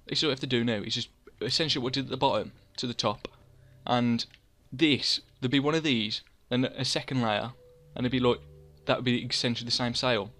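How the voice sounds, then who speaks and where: A man's voice: mid-range voice, brisk, few pauses, a bit bright. A young man, chatting casually over his gameplay, rambling and mocking himself as he scolds himself in the third person. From England. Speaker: gaming channel host.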